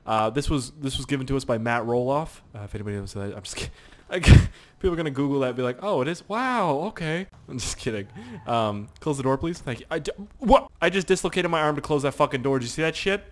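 A young man giving casual, excitable gameplay commentary, swearing and laughing as he plays. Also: medium pitch, fast, hardly any pauses. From Canada. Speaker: gaming YouTuber.

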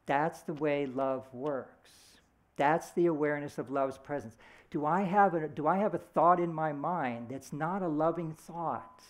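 A man's voice: a little high, a little slow. Man preaching a casual, story-driven sermon. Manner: conversational storytelling with brief voiced quotes. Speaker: speaker at a church service.

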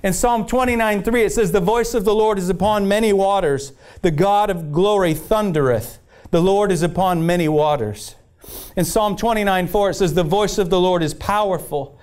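A man with a high voice preaches with fervor, building his points through repeated phrases. He reads scripture passages aloud between his appeals to the congregation. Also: normal speed, a little mellow. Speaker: pastor. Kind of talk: sermon.

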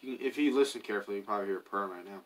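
A man's voice: on the low side, very fast, a little hiss or hum. Rambling gamer man, mic slightly distant. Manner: rambling, chatty, muttering to himself, hums while playing. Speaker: gaming YouTuber. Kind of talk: casual gameplay commentary.

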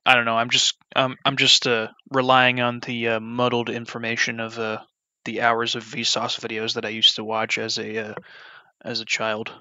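A young man talking casually in a rambling way while modding a game, full of fillers and restarts, now and then flaring into a loud rant. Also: mid-range voice, monotone, moderate pace, no room sound, muffled recording. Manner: meandering, many fillers and restarts, flares into loud ranting. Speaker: video creator modding a game. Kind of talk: rambling off-topic commentary.

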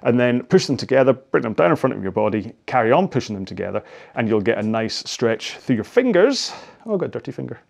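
A man's voice: medium pitch, sing-song, fast, creaky, darkish tone. A Scottish man in his forties, an indoor rowing coach, talking through cool-down stretches in a chatty, rambling way with self-deprecating asides. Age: 40s. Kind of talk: casual workout cool-down instruction.

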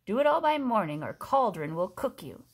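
A woman's voice: medium pitch, very animated, brisk, husky. A woman reading aloud and voicing a scary old witch with a squawking, rusty voice that sneers and cackles. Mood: sneering.

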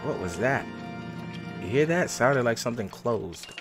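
A man in his late twenties giving casual let's play commentary, excitable and repeating himself while he plays. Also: medium pitch, a little slow. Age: 20s. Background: game music.

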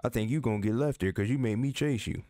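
A man's voice: medium pitch, fast talker, dark tone, no echo. A man giving casual gameplay commentary, playfully coaxing and teasing the characters and his horse. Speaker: let's play host.

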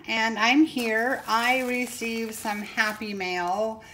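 Slow, gushing older woman. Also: a little high, steady tone, pushed and bright. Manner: gushing and sentimental, with many pauses and fillers. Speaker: vlogger. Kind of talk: casual unboxing vlog. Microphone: camera mic.

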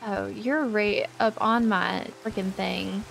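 A young woman hosts a relaxed gameplay video, talking at an unhurried pace with a gravelly edge to her voice. She chatters on and trails off, with little exclamations along the way. Soft music plays quietly underneath. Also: medium pitch. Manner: chatty, easily distracted, exclaims often. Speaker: let's play host. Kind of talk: casual gameplay commentary. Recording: light background music.

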